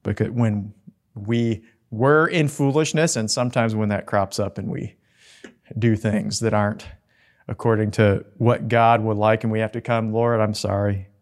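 A man preaching a sermon in an earnest, gentle way, with soft asides. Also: lowish voice, fairly even intonation, unhurried, gravelly.

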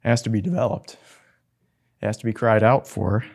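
A man preaching a sermon in an earnest, gentle way, with soft asides. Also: on the low side, brisk, vocal fry, breathy edge.

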